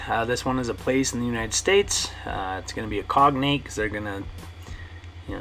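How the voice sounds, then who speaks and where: A man teaching a pronunciation lesson, saying each model word slowly and checking in often with the class. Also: mid-range voice, bright, forceful tone. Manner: slow, drawn-out model words with frequent "okay?" checks. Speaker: Spanish teacher.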